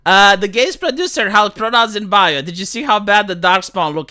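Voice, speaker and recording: A woman's voice: mid-range voice, slight background noise. A woman with a Montreal accent ranting profanely to her live-stream audience. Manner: profane, exasperated, fast and animated. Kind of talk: casual live-stream rant.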